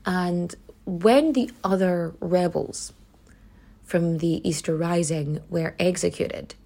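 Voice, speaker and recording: Donegal irish lady podcasting, low husky voice, swears a lot, chatty. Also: takes it slowly, mellow. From Donegal, Ireland. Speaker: podcast host. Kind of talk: casual storytelling podcast.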